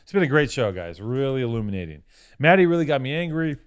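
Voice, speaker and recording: A man's voice: mid-range voice, sing-song, quick pace, clean tone, no echo. A man co-hosting a casual podcast, teasing his guest with crude jokes and rambling through long stories. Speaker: podcast co-host.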